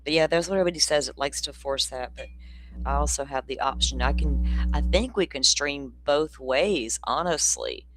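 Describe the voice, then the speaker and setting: Speaking at a moderate pace in a mid-range voice, this true-crime streamer keeps getting interrupted by hiccups. The chat is loose and rambling as they read viewer comments aloud, informal enough to include a casual curse.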